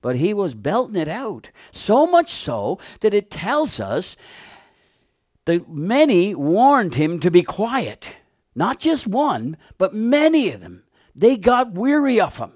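A man preaching a sermon, retelling a Bible story with animated, fervent emphasis. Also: high voice, takes it slowly, no echo, studio quality.

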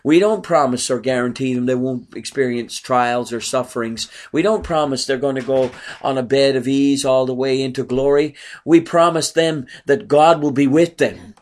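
An earnest man preaches a sermon. His voice sits at an ordinary middle pitch. He keeps asking his listeners rhetorical questions. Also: normal speed, a little mellow.

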